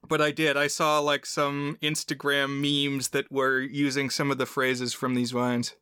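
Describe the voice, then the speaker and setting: A man co-hosting a podcast in casual chat, relaxed and quick to laugh while retelling clips. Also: medium pitch, clean tone, no echo, studio quality. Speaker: podcast co-host.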